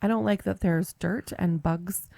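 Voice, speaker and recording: Woman with heavy vocal fry. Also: on the low side, a little slow, no room sound, studio quality. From Michigan, USA. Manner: blunt, deadpan joking. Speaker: guest comedian. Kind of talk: casual podcast chat.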